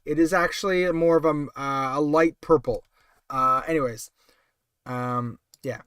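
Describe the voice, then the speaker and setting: Male stream host, casual and rambling, high voice, smooth and clear, dry sound. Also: measured pace, fairly bright tone, no room sound. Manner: thinks aloud, reads chat comments, many fillers. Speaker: livestream host. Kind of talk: casual live-stream chat.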